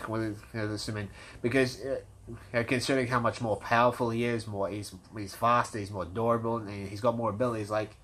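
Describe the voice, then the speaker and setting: Man, lowish voice, casual fan commentary; stuttery, rambling, enthusiastic. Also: fairly even intonation, fairly quick, fairly bright tone. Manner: rambling, frequent restarts and stutters. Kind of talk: casual fan debate monologue.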